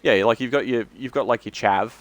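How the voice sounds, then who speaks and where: A man's voice: mid-range voice, brisk. A man chatting casually on his game stream, sweary and talkative. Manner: chatty, sweary, talks about accents.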